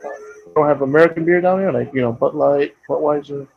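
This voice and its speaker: A man's voice: a little high, fairly quick, vocal fry, lo-fi sound. A man asking short questions and reacting briefly in casual chat.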